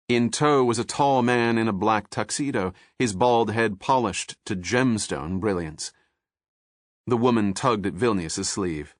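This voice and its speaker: A man narrating a thriller audiobook in a measured, steady scripted style. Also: on the low side, no echo, studio quality.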